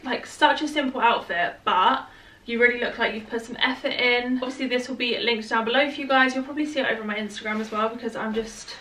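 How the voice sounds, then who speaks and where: A woman's voice: fairly high pitch, quick pace, bright, forceful tone, far from the mic. A young woman with a chatty, gushing manner, showing off clothes in a casual try-on haul. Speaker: fashion haul vlogger. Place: home, indoors.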